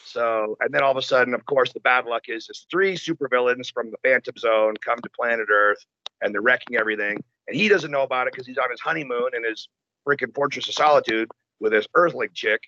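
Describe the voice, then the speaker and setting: A man talks in a casual chat, animated and profane as he tells his stories. His voice is bright and forceful. The recording sounds dull and lo-fi. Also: medium pitch, brisk, a little hiss or hum.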